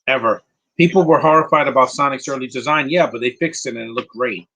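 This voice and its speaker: A man with a mid-range voice and sharp tone gives casual live movie commentary on a low-quality recording. He rambles and answers viewers' questions with quick opinions.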